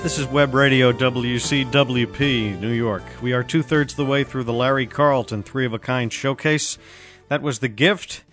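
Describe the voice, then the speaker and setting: A man hosting a smooth jazz web radio show, chatting casually between tracks with self-deprecating asides. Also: mid-range voice, fairly even intonation, normal speed, over music. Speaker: radio DJ host.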